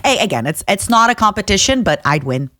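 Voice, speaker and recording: A woman co-hosting a podcast, chatting casually and speaking in a heartfelt, halting way while tearful. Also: medium pitch, sing-song, sharp tone, a little hiss or hum. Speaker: podcast co-host. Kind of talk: casual chat.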